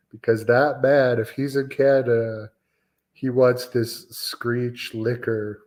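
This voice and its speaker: A man's voice: medium pitch, a little mellow. A man in his forties hosting a wrestling talk stream, chatting casually with viewers in a rambling way, full of fillers and restarts. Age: 40s. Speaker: wrestling show host. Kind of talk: casual live-stream chat answering viewers.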